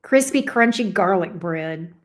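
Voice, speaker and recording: A woman's voice: lowish voice, expressive, a little slow. A Southern woman from Alabama hosting a live stream, chatting casually and rambling as she reacts to viewer comments. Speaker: tarot reader and live stream host.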